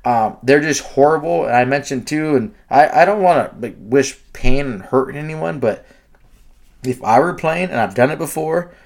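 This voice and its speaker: A man co-hosting a sports podcast, talking in an excitable, profane, rambling way with many restarts. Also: mid-range voice, moderate pace, vocal fry. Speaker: podcast co-host. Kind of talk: heated sports talk.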